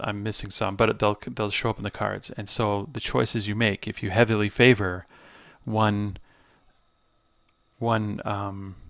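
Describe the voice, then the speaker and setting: A man's voice: on the low side, fairly bright tone, no room sound, clean studio sound. A man hosting a let's play, reading game text aloud and explaining with hesitant fillers as he searches for words.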